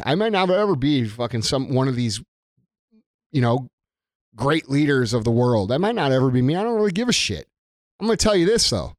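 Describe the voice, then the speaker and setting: A man's voice: mid-range voice, no room sound, studio quality. A man giving an angry, blunt rant to camera, swearing heavily and repeating himself for emphasis. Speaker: business owner. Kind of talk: profane political rant to camera.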